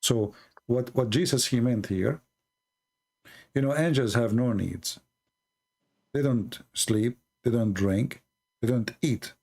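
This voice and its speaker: Man, gravelly, earnest preacher-style explainer, deliberate pacing. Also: mid-range voice, darkish tone. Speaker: Christian apologist answering a caller.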